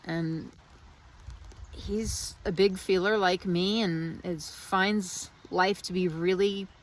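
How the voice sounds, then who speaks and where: A woman's voice: fairly low pitch, fairly even intonation, slow. A woman vlogging outdoors in the rain, musing in a meandering, reflective way with many restarts. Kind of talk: casual spiritual reflection.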